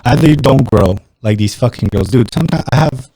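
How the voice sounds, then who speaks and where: A man's voice: medium pitch, expressive, fairly quick, mellow, breathy edge. A man from Romania, hosting a podcast in casual, rambling, profane chat. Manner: profane, rambling, blunt storytelling. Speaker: podcast host. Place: small podcast studio.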